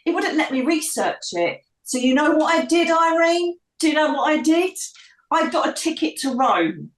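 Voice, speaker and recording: A woman's voice: sits high, big pitch swings, moderate pace. Chatty woman, roomy and distant. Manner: chatty, acts out quoted voices, laughs often. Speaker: psychic medium guest. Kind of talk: animated storytelling in an interview. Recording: roomy sound, distant from the mic.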